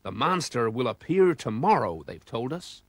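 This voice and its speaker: A man's voice: mid-range voice, sing-song, moderate pace, fairly bright tone, no room sound. A man voicing an eager male professor in a storybook reading.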